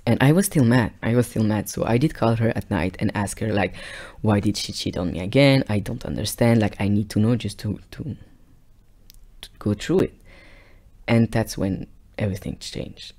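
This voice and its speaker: Halting low-voiced young man. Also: darkish tone. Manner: halting and emotional, often dropping to a whisper. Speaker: vlogger. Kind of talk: confessional storytime monologue.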